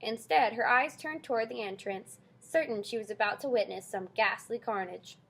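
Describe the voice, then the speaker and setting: A woman reading a children's novel aloud with expressive storytelling. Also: on the high side, normal speed, vocal fry, husky. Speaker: audiobook narrator. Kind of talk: scripted narration.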